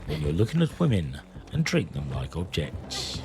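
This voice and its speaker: A man's voice: very deep voice, huge pitch swings, moderate pace, music in the background. A man chatting to his viewers while he streams a game, rambling and joking between rounds. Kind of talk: live gameplay commentary.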